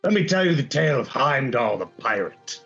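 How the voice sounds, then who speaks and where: A man's voice: mid-range voice, big pitch swings, brisk, gravelly, a bit bright, soft background music. A man voicing a swaggering male pirate who gives grand, theatrical speeches in a tabletop game, on slightly dull audio. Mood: rousing.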